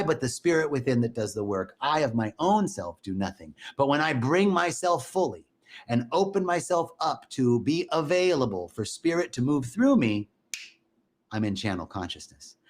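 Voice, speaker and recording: A man giving an inspirational spiritual talk, earnestly repeating affirmations aloud and adding folksy, joking asides. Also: medium pitch. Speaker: spiritual teacher.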